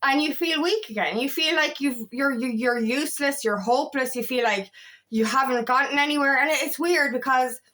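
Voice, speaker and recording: A woman's voice: sits high, moderate pace, sharp tone. A woman coach in a casual confessional vlog, speaking frankly with plenty of swearing and retelling her own thoughts. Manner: frank and profane, tells stories with self-quotes. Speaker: feminine empowerment coach.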